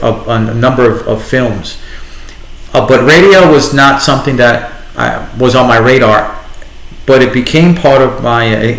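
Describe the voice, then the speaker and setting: A middle-aged man with a New York accent, telling his story as a guest in a conversational interview, animated and restarting often. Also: mid-range voice. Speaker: guest, entrepreneur and radio host. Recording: echoey room.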